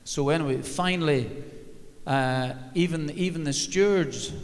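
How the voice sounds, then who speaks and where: A man's voice: a little high, unhurried. Wry older man telling stories in an echoing hall. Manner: wry, self-mocking storyteller, many "uh" and "um". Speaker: former football manager, guest speaker. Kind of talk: anecdote told on stage. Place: large arena at a live event. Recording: long reverb of a large hall.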